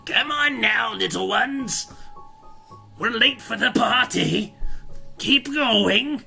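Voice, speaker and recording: A woman's voice: on the high side, expressive, slow, vocal fry, sharp tone, soft background music, voice pushed up, heavily acted. A man voicing a hunched, scratchy-voiced old woman in her sixties, herding her creatures along in a tabletop game. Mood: urging. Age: 60s.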